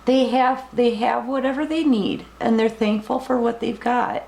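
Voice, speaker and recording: A woman giving a collective tarot reading, gently reassuring and emotional, speaking straight to the viewer. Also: fairly high pitch, fairly even intonation, normal speed, vocal fry, reverberant, poor audio. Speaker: tarot reader.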